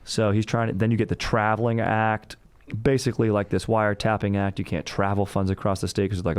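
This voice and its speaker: A man's voice: lowish voice, flat delivery, brisk, clean tone, dry recording. A man hosting a comedic history podcast, telling it in a rambling, joking and profane way. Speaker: podcast host. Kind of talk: casual comedic history talk.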